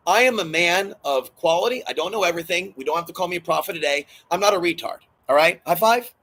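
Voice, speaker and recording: Agitated, emotional man, slightly high voice. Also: a bit bright, rough recording. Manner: agitated, emotional, repetitive, swears often. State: distressed and hurting. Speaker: channel host. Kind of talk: rambling solo vlog monologue.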